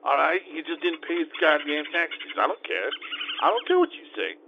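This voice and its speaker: A man in a comedy monologue, gruff and profane, arguing, swinging from yelling to muttering. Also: on the high side, big pitch swings, moderate pace. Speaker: comedy character monologue, a self-styled lawyer driving. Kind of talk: improvised comic monologue. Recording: tinny phone-like sound with light noise.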